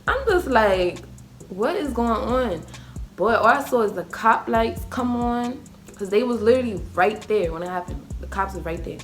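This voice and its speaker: A young woman telling a storytime vlog, chatty and full of fillers, jumping up high when she acts out what people said. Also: lively intonation, normal speed, faint music behind. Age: young adult. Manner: acts out quoted voices with sudden high pitch. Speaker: vlogger. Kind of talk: casual storytime.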